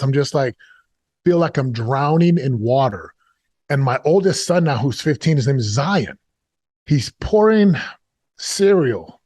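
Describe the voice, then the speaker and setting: A man's voice: fairly high pitch, a little mellow, no echo. Middle-aged male guest, confessional storyteller, repeats himself in bursts, dry close mic. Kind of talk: emotional storytelling interview.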